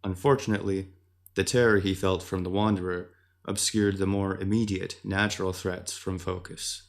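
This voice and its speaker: Narrating a fantasy tale, a man with a very deep voice speaks in a measured, descriptive way, like scripted storytelling. His tone stays level, with noticeable vocal fry.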